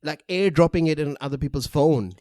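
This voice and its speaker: A man's voice: a little high, a little fast, warm tone, dry recording, studio quality. A young man co-hosting a casual podcast chat, joking and laughing between his words. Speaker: podcast co-host.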